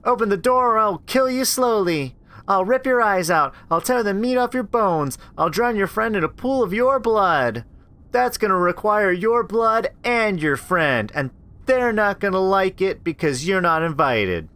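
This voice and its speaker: A man voicing a monster that mimics a scared little girl, with a high pleading voice that turns into threats. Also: lively intonation, measured pace, sharp tone, exaggerated voice. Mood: menacing.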